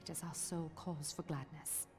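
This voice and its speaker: A woman's voice: deep voice, fairly even intonation, normal speed, over music. An actress playing a stern, formal female knight commander in a fantasy game, speaking composed, archaic lines. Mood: resolute.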